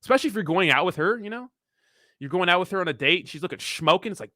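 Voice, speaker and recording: A man's voice: high-pitched, expressive, fast, sharp tone, no echo, clean studio sound. A young man hosting a casual livestream, answering viewer comments in a blunt, profane, rambling way. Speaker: crypto livestream host.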